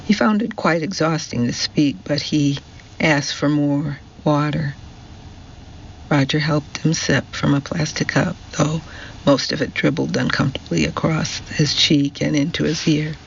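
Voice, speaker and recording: A man reading an audiobook novel in a measured, deliberate narration. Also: on the high side, steady tone, gravelly, muffled recording, a little hiss or hum. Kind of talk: scripted narration.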